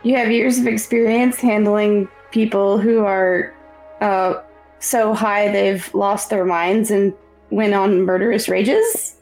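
A woman at a tabletop game who speaks slowly and drily, sounding incredulous. Her voice is gravelly, with faint music underneath. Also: mid-range voice, fairly even intonation, a little mellow, poor audio. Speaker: player.

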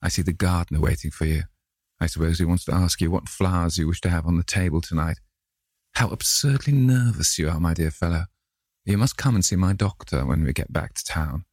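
A man's voice: low-pitched, brisk, a little mellow, breathy edge, no echo, clean studio sound. Man reading a drawling cynical aristocrat. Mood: amused. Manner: drawling, epigrammatic. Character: languid witty aristocratic gentleman, cynical. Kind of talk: audiobook character reading.

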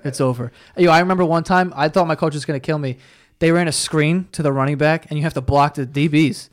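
A young man telling animated, profane stories in a casual chat, full of "yo" and "like.". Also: fairly high pitch, fast talker.

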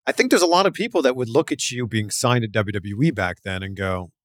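A man hosting a podcast interview in a studio and asking questions in a lively way. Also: fairly low pitch, fairly quick. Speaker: podcast host.

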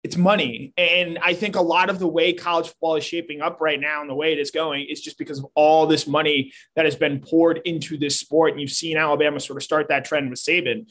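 A man's voice: fairly high pitch, little pitch movement, fairly quick, hardly any pauses, a bit bright. A man co-hosting a casual sports talk show, analytical and prone to restarting his sentences. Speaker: sports podcast co-host.

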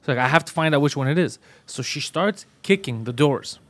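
A man co-hosting a podcast, telling a story in casual chat, swearing and acting out the people he quotes. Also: brisk. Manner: excitable, profane, acts out quotes with rising pitch. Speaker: podcast co-host.

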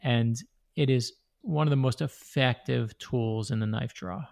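A man with a gravelly edge to his mid-range voice talks with animation, rushing ahead and restarting his sentences. He sounds like an author who is eager to explain his writing. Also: medium pitch, a little mellow. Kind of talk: interview conversation.

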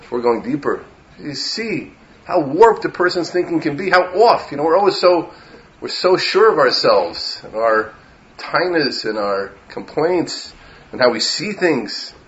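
Rabbi for a short Torah talk: a man with a fairly high voice who gets impassioned and builds to emphatic peaks, on a slightly dull recording. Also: sing-song, a little slow. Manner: impassioned, rising to emphatic peaks, mixing Hebrew and Yiddish terms. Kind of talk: Torah lecture.

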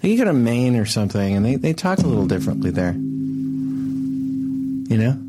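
A man's voice: mid-range voice, sing-song, brisk, loud music behind the voice. A man co-hosting a comedy podcast, chatting playfully and hesitantly with many restarts. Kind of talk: casual comedic banter.

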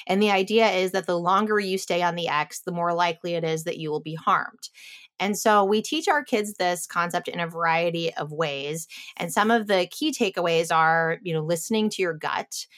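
A woman's voice: lowish voice, moderate pace, a bit bright. A middle-aged woman, a guest in an interview, explaining at length in a casual way with frequent fillers and restarts. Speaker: guest, former intelligence officer and author.

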